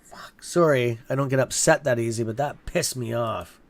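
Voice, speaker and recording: A man hosting a live trading stream in a loose, chatty way, reacting aloud to what viewers write. His voice sits at an ordinary middle pitch, and he swears freely when something irritates him. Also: normal speed. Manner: swears openly when annoyed. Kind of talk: casual livestream chat reading viewer comments.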